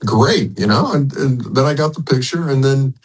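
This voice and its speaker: Older man, husky, rambling radio guest. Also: mid-range voice, moderate pace, low-quality recording. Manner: rambling, with many restarts and chuckles. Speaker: sports broadcaster, radio guest. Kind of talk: casual radio interview.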